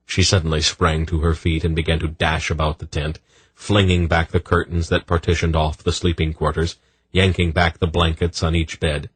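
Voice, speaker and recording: A man narrating an audiobook in a measured storytelling manner. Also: a bass voice, level tone, slightly rough, no echo. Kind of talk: scripted narration.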